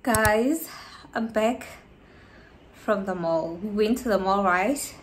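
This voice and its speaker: A woman from South Africa filming a casual haul vlog at home, tired and short of breath, chatty and excitable, sometimes dropping to a whisper. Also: mid-range voice, takes it slowly, a little hiss or hum. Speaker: vlogger.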